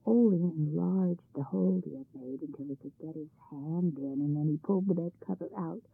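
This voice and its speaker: A woman reads a folk tale aloud with lively expression. Her voice is husky and gravelly, and the recording is dry and tinny, like a phone line. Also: low-pitched, brisk, no echo. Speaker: storyteller. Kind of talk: scripted narration of a folk tale. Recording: tinny phone-like band-limited sound.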